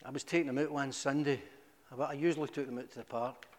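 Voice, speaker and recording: A middle-aged man giving a humorous, animated testimony to a church, with sudden high exclamations. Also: fast talker, a little hiss or hum. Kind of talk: storytelling testimony. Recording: echoey hall.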